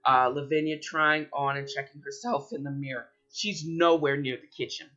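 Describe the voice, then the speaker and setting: A podcast host reading his own story aloud, halting now and then with slips and restarts. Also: fairly high pitch, bright, forceful tone, highs cut off. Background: typing.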